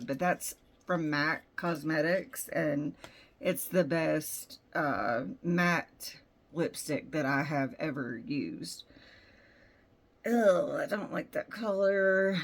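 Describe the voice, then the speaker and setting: A woman vlogger chatting casually through an unboxing at home, rambling and frank with her opinions. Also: fairly low pitch.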